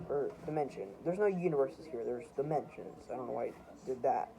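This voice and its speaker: A man's voice: mid-range voice, fairly quick, creaky, a crowd in the background. A young man casually walking through his own comics, rambling and poking fun at them. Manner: rambling, self-mocking, chuckling. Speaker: amateur comic artist. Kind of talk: casual show-and-tell narration. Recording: noisy home recording.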